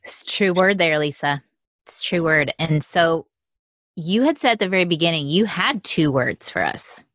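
A woman's voice: sits low, expressive, normal speed, fairly bright tone, dry recording, clean studio sound. A woman hosting a faith podcast interview, affirming her guest with frequent agreement. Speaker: podcast host.

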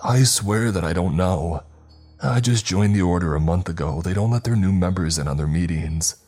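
A man's voice: low-pitched, normal speed, darkish tone, slightly rough. A man voicing a middle-aged male school principal who blusters, then pleads defensively. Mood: pleading.

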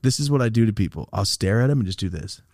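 A man co-hosting a casual podcast, swearing freely and acting out loud quoted voices as he tells stories. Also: fairly low pitch, lively intonation, quick pace, dry recording, clean studio sound. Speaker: podcast co-host.

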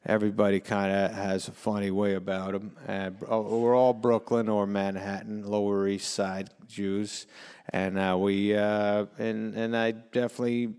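A middle-aged man talking casually as an interview guest, laid-back, laughing often, repeating words and slipping into quick impressions. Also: on the low side, little pitch movement, a little mellow, smooth, in a large hall. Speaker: actor and comedian guest.

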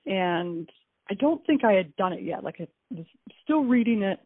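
A woman recounting events in an interview, telling it in a lively way and acting out what people said. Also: moderate pace, slightly rough, dry recording. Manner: animated storytelling, acts out dialogue with swings in pitch. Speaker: wife and mother recounting events. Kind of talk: recorded interview testimony. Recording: tinny phone-like audio with faint music.

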